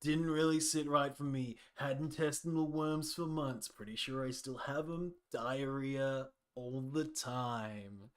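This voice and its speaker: A man puts on a down-and-out tavern loafer for a fan-made tabletop game, all lazy slang and easygoing drawl. He takes his time over every word in an even, ordinary middle register. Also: mid-range voice, unhurried, hardly any pauses, clear, resonant tone, lightly acted. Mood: laid-back. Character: broke, laid-back male tavern hanger-on.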